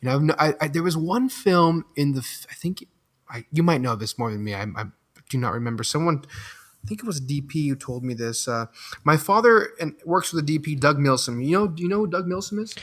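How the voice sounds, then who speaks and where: A man, a guest on a podcast, talking casually with many halting restarts and stammers. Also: fairly high pitch, animated, fairly bright tone. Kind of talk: casual conversation.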